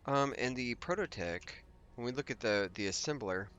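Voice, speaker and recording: A man's voice: medium pitch, animated, moderate pace, a bit bright, smooth. A man hosting a let's play, giving casual gameplay commentary and thinking aloud as he rambles through his plans with restarts and asides.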